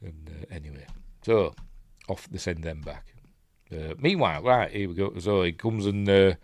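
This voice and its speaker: A man's voice: low voice, moderate pace, no room sound. A man with a Yorkshire accent casually breaking down a film scene by scene, rambling and often stopping to find his place. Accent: Yorkshire English. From Yorkshire, England. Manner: rambling, self-interrupting, quotes lines in put-on voices. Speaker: movie reviewer.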